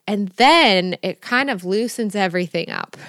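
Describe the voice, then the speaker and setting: A woman hosting a casual podcast interview, telling stories in an animated, emphatic way. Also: mid-range voice, moderate pace, dry recording, studio quality. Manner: animated storytelling, expressive and emphatic. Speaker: podcast host.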